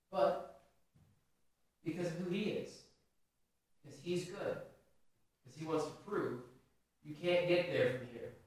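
A male pastor preaching a sermon in a conversational way, asking the congregation questions. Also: on the high side. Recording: very echoey hall, voice from a distance.

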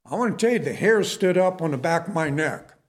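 A man's voice: on the high side, expressive, brisk. A middle-aged man preaching a sermon, telling his own story in a conversational way and asking the listeners questions.

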